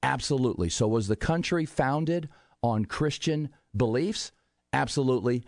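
A man appearing as a history guest on a radio talk show, explaining in a measured way and posing rhetorical questions. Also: mid-range voice, no echo, clean studio sound. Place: radio studio.

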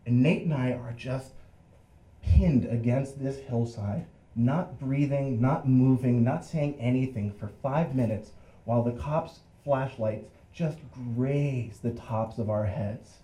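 Speaking slowly in a medium-pitched voice, a young man recounts something that happened to him. He performs the other people's voices with animation and laughs throughout, and the room echoes around him.

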